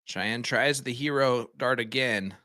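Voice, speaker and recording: Bright-voiced male darts commentator. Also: medium pitch, measured pace. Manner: joking, banters with co-host. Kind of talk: live sports commentary.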